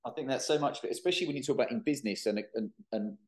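Man, podcast host, casual, relaxed, mid-pitched voice. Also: racing. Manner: relaxed, swears casually, frequent short agreements.

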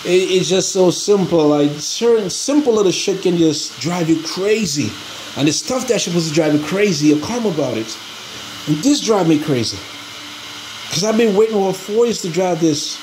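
A man's voice: high voice, lively intonation, moderate pace. A man hosting a casual RC hobby vlog, rambling in an exasperated way and pleading with viewers for help. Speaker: RC hobby channel host. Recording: noisy ambient background.

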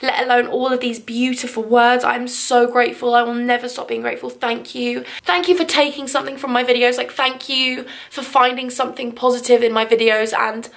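A woman's voice: a little high, level tone, fairly quick, gravelly, hardly any pauses. A young woman from England, chatting to her handheld vlog camera at home, gushing and emotional, a little teary. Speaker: vlogger. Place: home living room.

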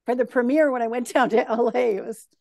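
High-voiced, animated woman, dry sound. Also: fast, vocal fry, no echo. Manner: animated storyteller who acts out voices. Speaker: guest talking about spirit guides. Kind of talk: casual interview chat.

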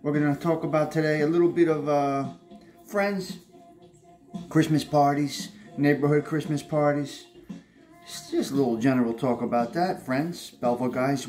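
A man's voice: mid-range voice, moderate pace, darkish tone, soft background music. A man hosting a casual morning coffee vlog, chatty and rambling with fillers. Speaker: host of a morning coffee show.

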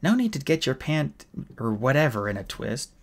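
A man's voice: medium pitch, sing-song, normal speed. A man doing a brash, sarcastic young woman. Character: tough young woman, sharp-tongued guard.

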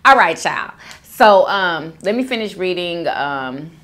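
A woman's voice: on the low side, animated, takes it slowly, a bit bright. A young woman hosting a food vlog, chatting casually to viewers and calling them girl and y'all. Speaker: mukbang host. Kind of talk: casual chat reading viewer comments.

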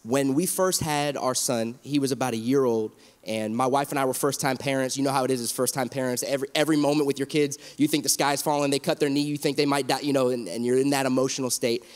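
A man's voice: medium pitch, fairly even intonation. Earnest pastor in his thirties, hall echo. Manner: earnest and emotional, with halting restarts. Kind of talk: heartfelt panel discussion. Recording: long hall reverb.

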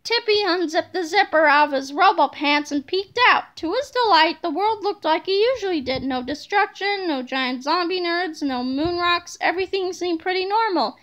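High, bright woman reading a kids' book. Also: moderate pace, few pauses. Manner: expressive, animated storytelling. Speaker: reader. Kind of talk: children's book read-aloud.

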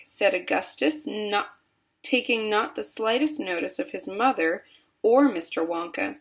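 A woman reading a children's book aloud slowly and expressively. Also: medium pitch. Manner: slow, steady, expressive reading. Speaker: storyteller.

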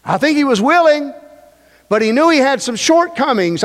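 A man's voice: very high voice, animated, moderate pace, a bit bright. A male pastor preaching a sermon, emphatic and repetitive, with joking asides. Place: church sanctuary. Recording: long reverb of a church hall.

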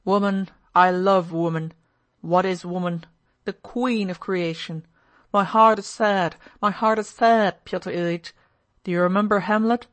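A woman's voice: mid-range voice, steady tone, a little slow, lightly acted. A woman reading the part of an impulsive, brooding young man who talks in an expansive, feverish way. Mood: melancholy. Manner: expansive, feverish, then dreamy.

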